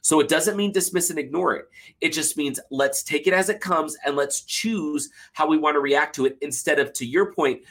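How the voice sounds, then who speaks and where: A man's voice: on the high side, moderate pace. A man from Utah, a podcast guest, talking casually and animatedly about a gratitude practice. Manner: animated, acts out everyday complainers in mock voices. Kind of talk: casual chat.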